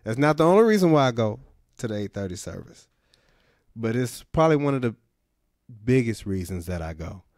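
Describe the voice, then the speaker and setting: A man's voice: mid-range voice, very animated, brisk, pauses often, a little mellow, no room sound, clean studio sound. A man hosting a radio podcast and delivering a comedic monologue in a laid-back storytelling manner, repeating his punchlines. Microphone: studio microphone.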